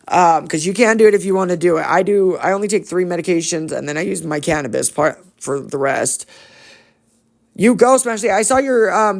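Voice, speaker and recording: A woman's voice: lowish voice, vocal fry. A woman on a phone livestream, greeting viewers by name in an affectionate, chatty, rambling way. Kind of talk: casual livestream shout-outs.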